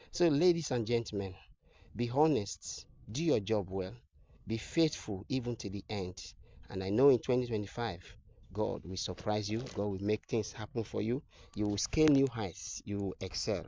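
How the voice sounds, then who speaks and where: A man's voice: fairly low pitch, moderate pace, mellow. A man telling an inspirational moral story as a motivational speaker, earnest and emphatic, often repeating phrases, on a slightly muffled recording.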